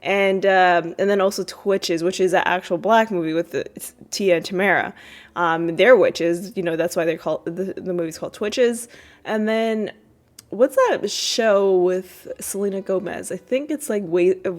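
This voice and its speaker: A woman hosting a podcast, casually recapping a TV episode in a rambling way, with many fillers and restarts, her voice jumping up when she quotes characters. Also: normal speed. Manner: jumps high when quoting characters. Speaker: podcast host.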